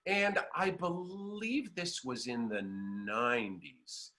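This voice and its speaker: Man, interview guest, bright clear tone, lively theatrical storytelling, laughs through his anecdotes. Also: mid-range voice, takes it slowly.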